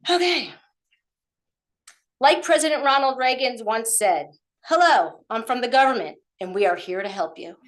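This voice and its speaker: A woman's voice: medium pitch, a bit bright. A woman, out of breath, giving a pointed public comment at a township meeting and firing off rhetorical questions. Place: council meeting room.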